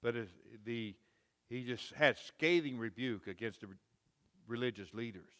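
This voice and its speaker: A man's voice: mid-range voice, moderate pace, fairly bright tone, big-room sound. A man preaching a sermon in a folksy, repetitive way, rising to emphatic quoted rebukes. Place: church sanctuary.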